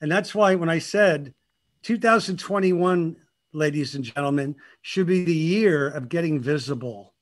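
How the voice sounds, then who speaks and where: An older man, a guest on a talk show, telling stories in a lively, animated way and laughing often. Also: on the high side, unhurried. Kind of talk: casual interview chat.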